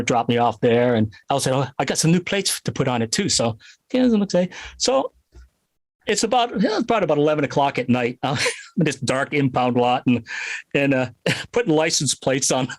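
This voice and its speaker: A middle-aged man from Connecticut telling a story in a casual interview, animated and laughing often. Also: medium pitch, no room sound. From Connecticut, USA. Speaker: guest musician.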